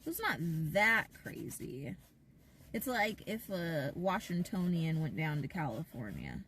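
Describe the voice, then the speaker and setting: A woman's voice: on the low side, sing-song, a little slow, a bit bright, recorded from a distance, a little hiss or hum. A woman live streaming from inside a parked car, chatting casually and rambling with lots of "like". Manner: chatty and rambling, heavy use of "like".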